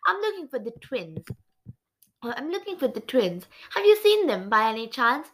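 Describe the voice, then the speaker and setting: A woman reading a storybook aloud, voicing a brisk, quick-tempered heroine. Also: high voice, big pitch swings, slight background noise. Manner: brisk, exasperated.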